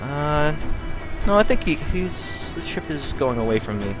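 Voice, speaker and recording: A man's voice: fairly high pitch, sing-song, a little slow. An American man streaming a game, chatting casually and answering chat while he plays. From United States. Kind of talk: casual gameplay commentary. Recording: game music playing behind. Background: game music.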